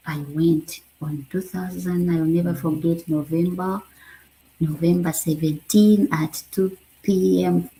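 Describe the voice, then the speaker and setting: A Ugandan woman vlogger tells a casual personal story in a low, mellow voice with some vocal fry. She is animated, laughs often, and slips in French phrases, though the recording is rough.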